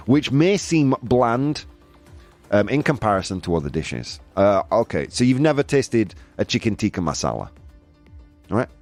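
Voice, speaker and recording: A man hosts a casual show, reading through a list with playful asides. His mid-height voice swings widely in pitch and stays animated throughout, with faint music playing behind him. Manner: playful, jokey, frequent laughs and asides. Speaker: show host. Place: home studio.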